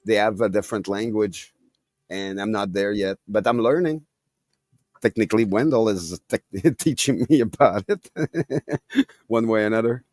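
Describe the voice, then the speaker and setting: A man chatting casually as co-host, halting and repeating words as he talks. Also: fairly low pitch, darkish tone, no echo, clean studio sound. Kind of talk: casual chat.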